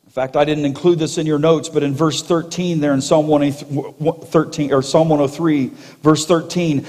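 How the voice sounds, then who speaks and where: A man preaches with fervor, his voice a touch higher than most men's. His words ring out in a church sanctuary with a long, lingering reverb. He stresses points by repeating phrases. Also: steady tone, moderate pace, hardly any pauses, darkish tone. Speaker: pastor. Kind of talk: sermon.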